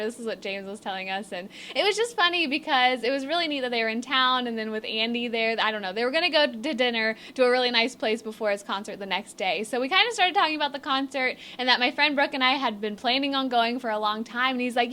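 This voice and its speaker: A young woman tells a storytime vlog in a high, bright voice. She is bubbly and chatty, filling in with "like" and acting out what others said. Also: animated, fast talker, hardly any pauses. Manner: bubbly, chatty, many fillers, acts out quotes. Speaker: vlogger. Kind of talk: storytime chat.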